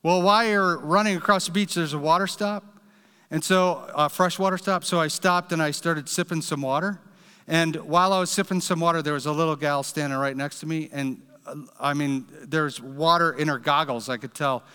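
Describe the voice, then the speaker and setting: A man's voice: fairly high pitch, fairly even intonation, moderate pace, pushed and bright, clear, resonant tone. Man, pastor, sermon, earnest direct storytelling, long hall reverb.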